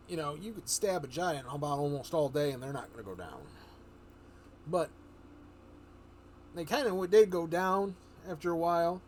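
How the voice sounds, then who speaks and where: A man streaming live, telling a fantasy adventure story in a rambling, animated way, full of fillers and restarts. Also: a little high, moderate pace, pauses often, slight background noise.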